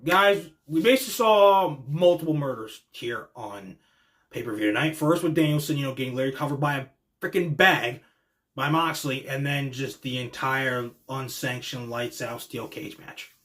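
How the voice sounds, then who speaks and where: A young man hosting a podcast, giving an excited, casual reaction monologue that swears freely and acts out quotes in voices. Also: medium pitch, moderate pace. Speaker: podcast host reacting to wrestling.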